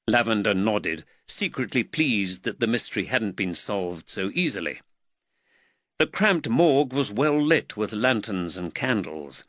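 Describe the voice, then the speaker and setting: A man narrating a period mystery audiobook in a measured, expressive way. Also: on the low side, no room sound. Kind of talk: scripted narration.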